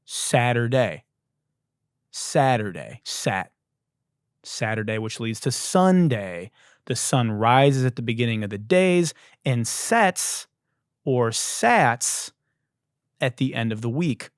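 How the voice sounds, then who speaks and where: Guy doing a comedy podcast rant, swearing a lot, punny, bit hoarse, voice jumps all over, dry close sound. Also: medium pitch, no echo. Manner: riffing wordplay, profane, animated. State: slightly hoarse. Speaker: podcast host.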